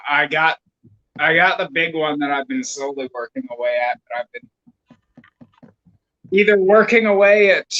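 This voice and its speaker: A man's voice: on the high side, pushed and bright, muffled recording. A man chatting casually as a podcast guest, rambling through digressions with wry asides. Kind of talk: casual chat.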